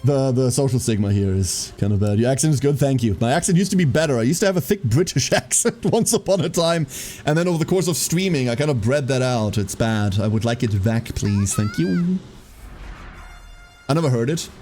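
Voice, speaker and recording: A man with a German accent, German native speaker, chatting casually on a gaming stream and cheering on races like an excited commentator. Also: mid-range voice, fast talker, faint music behind. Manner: chatty, excitable, jokey, slips into hyped race commentary.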